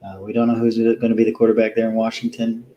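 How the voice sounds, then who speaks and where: A man hosting a solo fantasy football show, talking casually and rambling with plenty of pauses, tired after a long day. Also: lowish voice, completely flat delivery, dark tone, slight background noise, rough recording. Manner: rambling, lots of ums and restarts, easygoing. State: tired, yawning. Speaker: fantasy football podcast host.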